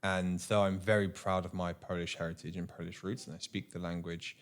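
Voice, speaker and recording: Young male actor, lowish voice, earnest and animated, stumbles and repeats words as he talks. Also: a little fast. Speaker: actor guest. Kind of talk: casual interview chat.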